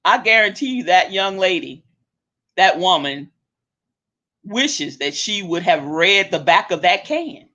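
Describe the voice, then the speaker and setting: A woman hosting her own show, ranting bluntly and swearing freely, with sharp swings up and down in pitch. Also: sing-song, a little slow. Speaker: host. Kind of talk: profane ranting monologue. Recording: dull lo-fi recording.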